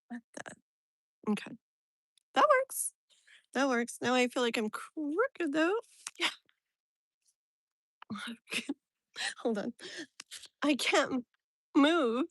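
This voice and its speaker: A woman's voice: a little high, a bit bright, no echo. A young woman hosting a casual live stream outdoors, chatty and exasperated, laughing often. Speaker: tarot reader live-stream host. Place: outdoors near a tree.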